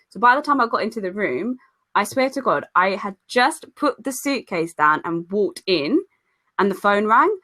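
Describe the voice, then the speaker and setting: A young woman, co-hosting a podcast in casual chat and telling stories with acted-out quotes. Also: on the low side. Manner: lively storyteller, acts out quoted voices. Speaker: podcast co-host.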